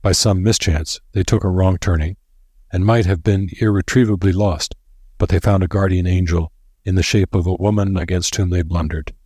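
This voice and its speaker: A man narrates an audiobook in a steady, measured way. His voice is deep and husky. The recording is dry and close, with no room sound. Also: no room sound. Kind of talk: scripted narration.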